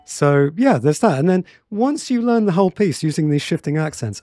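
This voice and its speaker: A man's voice: on the high side, expressive, moderate pace, few pauses, dark tone, no room sound, studio quality. A man teaching a piano tutorial in a chatty way, with many fillers and restarts, counting beats aloud.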